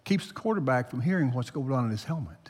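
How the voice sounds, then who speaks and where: A man preaching a sermon to his congregation, climbing loud for emphasis and then dropping low. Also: lively intonation, fast talker, breathy edge. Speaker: pastor. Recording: long hall reverb.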